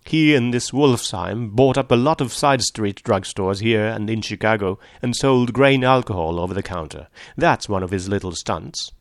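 A man voicing an arrogant wealthy man who speaks loudly and sneers with contempt, his voice gravelly. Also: fairly low pitch, moderate pace, hardly any pauses, no room sound, clean studio sound, natural voice. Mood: accusing. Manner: loud, sneering, forceful.

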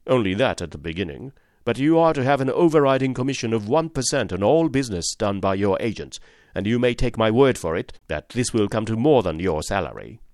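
A man doing a brisk, flattering financial agent. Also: lowish voice, no echo, studio quality. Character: brisk, sharp-spoken middle-aged male financial agent. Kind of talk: audiobook character voice.

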